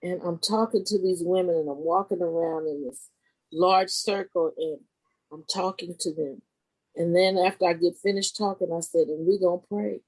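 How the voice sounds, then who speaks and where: An expressive woman guest recounting a spiritual experience in a loose, informal way. Her pitch jumps sharply at dramatic points, and her phrasing is casual and full of restarts. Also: poor audio. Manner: animated, expressive retelling with sudden pitch leaps. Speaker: podcast guest, spiritual life coach. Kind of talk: personal storytelling in a conversation.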